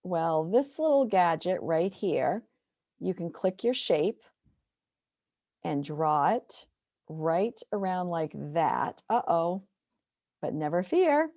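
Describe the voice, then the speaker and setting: A woman's voice: lowish voice, big pitch swings, takes it slowly, pauses often, mellow, no room sound, studio quality. A woman teacher walking through a screen-share tutorial step by step, explaining patiently.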